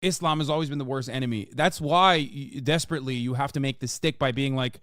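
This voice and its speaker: A man's voice: medium pitch, fast, hardly any pauses, fairly bright tone, no echo, studio quality. A man hosting a live reaction stream, talking in a heated, profane, emphatic way. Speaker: streamer host.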